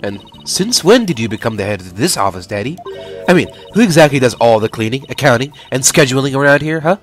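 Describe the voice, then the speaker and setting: A man's voice: medium pitch, big pitch swings, quick pace, soft background music, pitched below the performer's own voice, lightly acted. A man voicing a cheeky, playful teenage girl magician who teases the others. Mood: teasing. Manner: teasing, playful. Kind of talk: fan voice-over of a video game.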